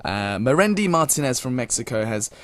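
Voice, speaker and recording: A man's voice: mid-range voice, lively intonation, normal speed. A young British man as a radio DJ, reading listener messages in a polite, casual way with many fillers. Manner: polite, filler-heavy, many thank-yous.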